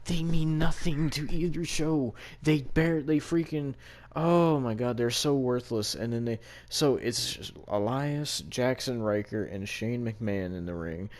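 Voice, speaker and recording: A man's voice: mid-range voice, measured pace, darkish tone. A man co-hosting a casual wrestling review, ranting in exasperation and swearing freely. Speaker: podcast co-host.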